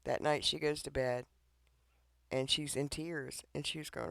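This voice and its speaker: A man gives an informal devotional message, pleading and earnest, often pausing to check in with his listeners. His voice sits in an ordinary middle range with a gravelly, creaky edge. It is recorded close to the mic in a dead, dry room. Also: medium pitch, a bit bright, no room sound. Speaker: online devotional preacher.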